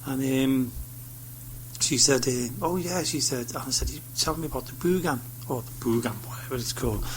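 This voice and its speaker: A man's voice: mid-range voice, a little fast, slight background noise. A man telling rambling anecdotes on a radio chat show, acting out the voices of people he met. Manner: rambling anecdotes with acted-out quotes. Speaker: studio guest. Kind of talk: casual radio chat, storytelling.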